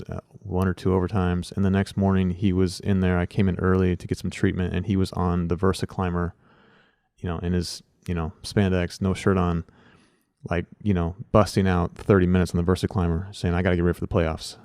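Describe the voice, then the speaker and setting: Deep, smooth-voiced man, dry sound. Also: little pitch movement, a little fast, a little mellow, no room sound. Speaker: former teammate. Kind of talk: reflective interview.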